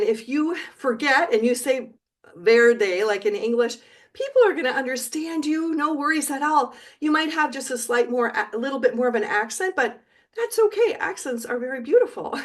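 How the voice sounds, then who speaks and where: A woman teaching Spanish pronunciation in a video lesson, speaking clearly and encouragingly. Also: on the high side. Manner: slow, clear, encouraging, sings syllables.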